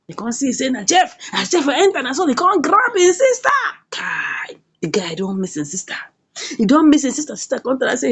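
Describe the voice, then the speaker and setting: A woman with a Nigerian accent recapping a comedy series in a casual, animated way, repeating phrases and tossing in "eh?" asides. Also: high voice, brisk, lo-fi sound. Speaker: series reviewer.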